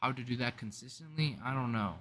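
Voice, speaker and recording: A man's voice: mid-range voice, a little fast, fairly bright tone. A young man talking casually to camera in a rambling vlog, slangy and often cutting himself off mid-thought. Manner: rambling, self-interrupting, slangy. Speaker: vlogger.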